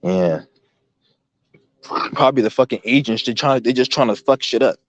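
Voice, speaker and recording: A man's voice: medium pitch, normal speed, no room sound. A man hosting a livestream, ranting in a rambling, profane, combative way from his computer mic. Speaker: livestream host. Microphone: laptop or computer mic, no headphones.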